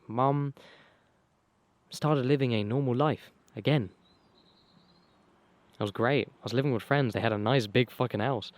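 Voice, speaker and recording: A young man tells his own life story casually, rambling and swearing, with many fillers and restarts, his voice going hoarse. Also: mid-range voice, no room sound. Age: young adult. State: losing his voice. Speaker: vlogger.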